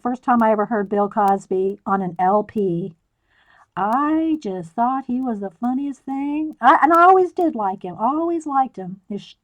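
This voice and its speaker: A woman in her sixties hosting a live stream, chatting and laughing casually while she colors and reads the live chat aloud. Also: fairly high pitch.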